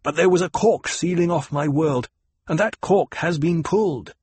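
Casting note: earnest young hero, resolute and proud, husky edge, read by a man. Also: on the high side, normal speed, darkish tone, no echo, voice pushed up.

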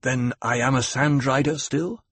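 Casting note: earnest young hero, resolute and proud, husky edge, read by a man. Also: mid-range voice, steady tone, unhurried, fairly bright tone, dry recording.

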